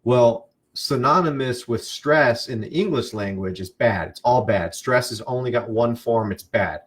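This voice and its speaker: A man who coaches online business, talking casually on a live stream in an animated way, often restarting and asking "right?". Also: medium pitch, a little slow.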